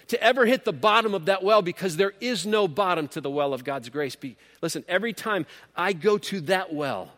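A man preaching a sermon, earnest and emphatic, rising to loud peaks and then dropping low. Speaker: pastor. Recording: long hall reverb.

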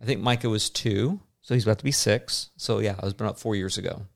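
Rambling, chatty podcast dad. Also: male voice, lowish voice, fast, creaky. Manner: rambling, chatty, many fillers. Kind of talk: casual chat.

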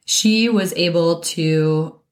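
A woman hosting a solo podcast, her low voice hoarse and raspy from a cold. She talks in a loose, chatty way, full of fillers and little laughs. Her breathing is audible and a bit heavy. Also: takes it slowly. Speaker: podcast host, wellness and life coach. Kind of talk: casual solo podcast talk.

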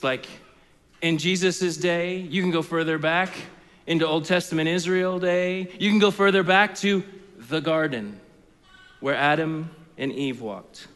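High-voiced preacher in an echoey hall. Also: male voice, a bit bright. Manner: conversational storytelling with many fillers. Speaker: pastor. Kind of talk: sermon.

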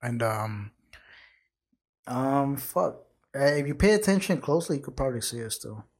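A man's voice: mid-range voice, expressive, normal speed. A man in his late twenties hosting a podcast, telling a story in casual street slang with lots of swearing. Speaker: podcast host.

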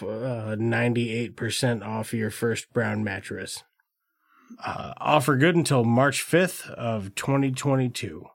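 A man co-hosting a comedy podcast, reading a crude mock ad in a deadpan way. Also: medium pitch. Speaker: podcast co-host. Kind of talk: casual podcast banter, mock ad read.

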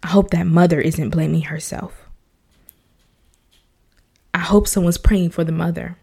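A young adult woman speaks in a personal podcast monologue, her voice sitting a little low for a woman. She talks earnestly and emotionally, circling back over her own phrases and at moments sinking into a soft whisper. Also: fairly even intonation, measured pace, creaky, husky. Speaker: podcast host, mother.

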